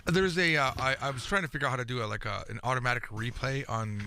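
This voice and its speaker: A man co-hosting a casual podcast, with a gravelly edge and a bright, forceful tone. He tells stories in an animated way and acts out the quoted lines. The sound is dry and close. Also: medium pitch, fast talker, dry recording. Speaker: podcast co-host. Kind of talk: casual chat.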